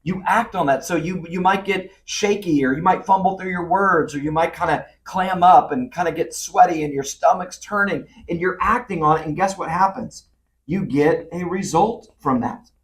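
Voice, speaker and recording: A man with a fairly high voice gives a lively motivational leadership talk, speaking straight to the listener. He sits a little back from the mic, so the sound is slightly distant. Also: moderate pace, a little hiss or hum. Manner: animated, acts out quoted voices, addresses the listener directly. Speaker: leadership speaker and podcast host.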